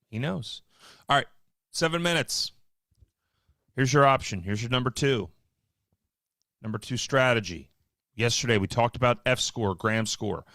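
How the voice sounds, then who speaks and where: A man hosting a live stock market show, talking casually with wry, offhand asides and quick bursts. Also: mid-range voice, gravelly, a bit bright, no echo, clean studio sound. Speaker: market livestream host.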